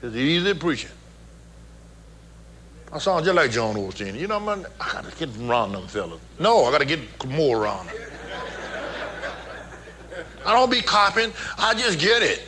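A man's voice: on the high side, very animated, fairly quick, few pauses, pushed and bright. A man preaching as a pastor, folksy and teasing, leading his congregation in call-and-response. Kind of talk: sermon.

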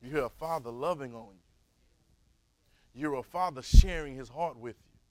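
A man, teaching a Bible class in a preaching style, calling for responses and swinging from soft to loud. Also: mid-range voice, moderate pace, rough recording.

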